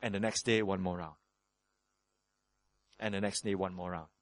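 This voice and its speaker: A man preaching a sermon as pastor, acting out prayers in quick shifts of voice. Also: no room sound. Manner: lively preaching, acts out prayers in sudden higher voices.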